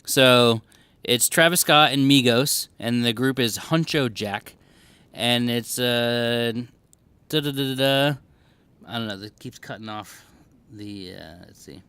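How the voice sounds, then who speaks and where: Bright, clear-voiced man co-hosting a podcast. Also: medium pitch, slow pace, no echo. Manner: laid-back, swears casually, laughs often. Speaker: podcast co-host. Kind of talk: casual chat. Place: record store.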